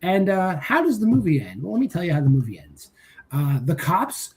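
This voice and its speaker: A man's voice: high-pitched, big pitch swings, fairly quick, a little mellow. A man co-hosting a casual horror movie review, ranting with exasperated profanity. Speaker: podcast co-host.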